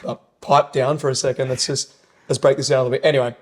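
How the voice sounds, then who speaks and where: A man's voice: mid-range voice, level tone, rapid-fire, darkish tone. Enthusiastic rambling man. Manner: enthusiastic, rambling, swearing, quoting sayings. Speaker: podcast co-host and personal trainer. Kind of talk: casual podcast chat.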